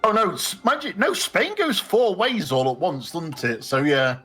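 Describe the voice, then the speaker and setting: A man playing a strategy game online, chatting in an animated way. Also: sits high, normal speed, husky, faint music behind. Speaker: player. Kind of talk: casual multiplayer game chat.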